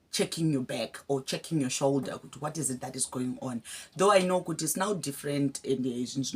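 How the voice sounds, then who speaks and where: Low husky-voiced Zimbabwean woman vlogger. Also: a little mellow. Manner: heartfelt, addresses viewers as guys. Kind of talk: casual emotional talk to camera.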